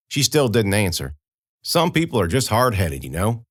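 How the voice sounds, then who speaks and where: A man's voice: lowish voice, very animated, moderate pace, a bit bright, no echo, studio quality. A man narrating a horror audiobook in the first person, telling it in a folksy, conversational way.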